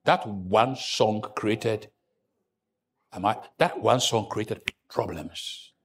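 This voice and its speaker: A man preaching a sermon as pastor, moving between hushed asides and loud, high-pitched outbursts. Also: drawn-out words.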